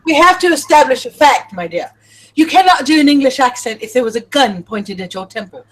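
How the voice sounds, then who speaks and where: A woman's voice: high voice, expressive, brisk, low-quality recording. A woman hosting her birthday stream, scolding her friends with exasperation. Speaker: stream host. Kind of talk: casual chat.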